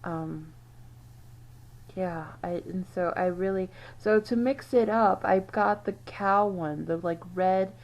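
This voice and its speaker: A woman's voice: fairly low pitch, slow pace, a little mellow, low-quality recording. A woman host giving casual, musing commentary on old game screenshots, often trailing off and correcting herself. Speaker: channel host.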